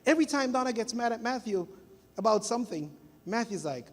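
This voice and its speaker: A middle-aged man from Jamaica preaching a sermon as pastor, telling stories in an animated way and acting out family members' voices. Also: very high-pitched, a little fast. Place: church sanctuary. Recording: long church hall reverb.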